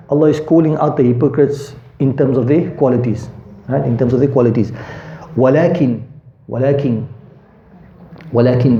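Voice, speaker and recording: A dark-voiced man teaching in an echoey room. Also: on the high side, slight background noise. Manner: thinks aloud, quizzing his students; recites Arabic verses swiftly. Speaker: Quran teacher. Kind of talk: classroom Quran lesson. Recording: echoey room, dull lo-fi sound.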